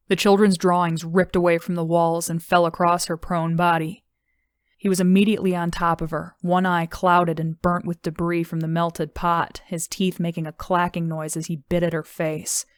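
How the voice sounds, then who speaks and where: Low, even-toned woman narrator. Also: smooth, no room sound, clean studio sound. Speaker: audiobook narrator. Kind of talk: scripted narration.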